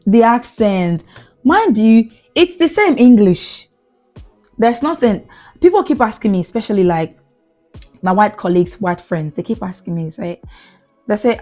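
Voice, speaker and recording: A young Nigerian woman hosting a podcast, chatting casually with lively exclamations and frequent laughs. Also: mid-range voice, a little slow, pauses often, faint music behind. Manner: animated, exclamatory, laughs often. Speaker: podcast host. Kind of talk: casual storytelling chat.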